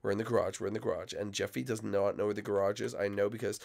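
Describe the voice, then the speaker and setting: A sick man with a gravelly, creaky voice talks through a video game. He is excitable and rambling, and his voice sounds worn down by his cold. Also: fairly low pitch, rapid-fire. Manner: excitable, rambling, shouts out to friends. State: sick, coughing. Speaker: YouTube gaming host. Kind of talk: Minecraft gameplay commentary.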